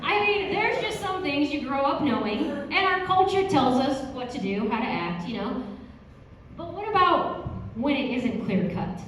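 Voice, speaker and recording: A woman with a high voice performs a chatty standup set, tossing in "you know" at every turn. She is heard from a distant mic in a very echoey room, with faint noise behind. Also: very animated, normal speed. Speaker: standup comedy student. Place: comedy stage.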